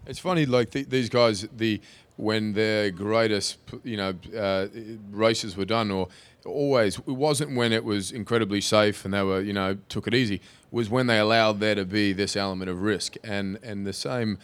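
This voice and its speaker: A man's voice: fairly low pitch, steady tone, normal speed, smooth. A man, an actor on a film panel, answering audience questions in a rambling, self-interrupting, amused way. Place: stage panel before an audience.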